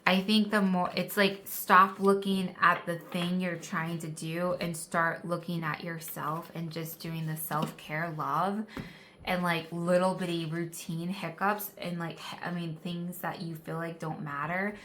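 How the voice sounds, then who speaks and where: A woman's voice: lowish voice, little pitch movement, a little slow, fairly bright tone, slight background noise. A woman giving a casual tarot reading, chatty and encouraging, filling her talk with "like", recorded on a phone indoors. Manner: chatty and encouraging, many "like" fillers. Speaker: tarot card reader. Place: indoor room with a candle. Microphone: phone camera.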